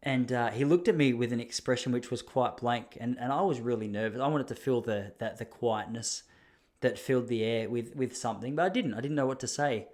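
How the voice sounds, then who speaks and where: A man's voice: medium pitch, fairly quick, darkish tone. An Australian man hosting a podcast, telling a rambling, self-deprecating story and often laughing. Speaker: podcast host. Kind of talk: casual storytelling monologue.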